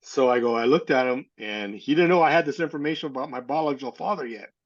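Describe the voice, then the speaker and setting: A man's voice: medium pitch, quick pace, dull audio. Man in his sixties telling a story. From California, USA. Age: 60s. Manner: rambling retelling, acts out quoted dialogue. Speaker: interview guest. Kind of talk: casual storytelling.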